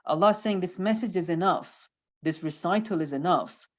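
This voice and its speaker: A man's voice: sits high, normal speed. A man teaching a lecture on scripture, speaking emphatically and building points through repetition. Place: online lecture.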